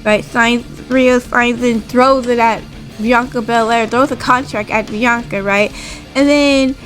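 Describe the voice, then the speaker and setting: A woman's voice: a little high, fairly even intonation, measured pace, soft background music, low-quality recording. A woman casually recapping a wrestling show, rambling and tagging her sentences with "like" and "right?". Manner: rambling, full of "like" and "right?" tags.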